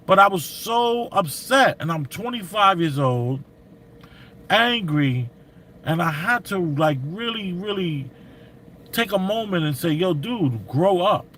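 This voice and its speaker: Animated New man, slightly high voice. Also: takes it slowly, slight background noise. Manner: animated, slangy street talk. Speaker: vlogger. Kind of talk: commentary and storytelling.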